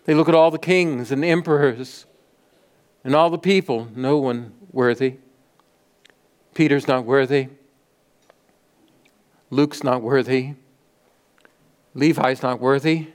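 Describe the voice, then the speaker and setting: A man preaching a sermon in a slow, dramatic delivery, with repeated rhetorical questions and lists, swinging from loud peaks down to near-whispers. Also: mid-range voice, fairly even intonation. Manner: repetitive rhetorical cadence. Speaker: pastor.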